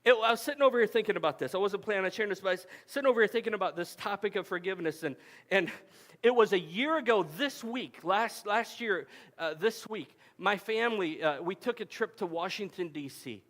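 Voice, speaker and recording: High-voiced man preaching a sermon. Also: lively intonation, fairly quick, a bit bright. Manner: conversational storytelling with frequent restarts. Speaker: pastor. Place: camp meeting hall.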